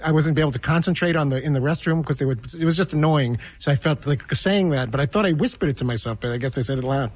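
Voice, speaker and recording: A man from New York telling a rambling story on a sports talk show, halting and restarting often. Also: fairly high pitch, no room sound. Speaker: regular on sports radio show. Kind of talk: casual storytelling.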